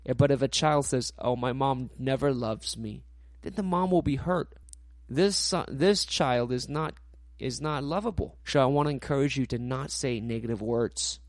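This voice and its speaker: A man delivers a sermon in plainly non-native English, his phrasing a little uneven. He slips into animated quoted voices to act out what people say. The sound is dry and close, with no room around it. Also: mid-range voice, moderate pace, dry recording. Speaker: pastor.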